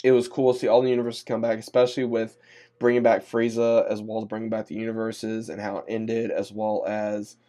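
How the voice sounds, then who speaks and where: A man's voice: lowish voice, flat delivery, brisk, warm tone. A man casually recapping an anime episode, rambling from one moment to the next and stringing scenes together with "he says". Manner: rambling run-on retelling with many "he says". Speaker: anime reviewer.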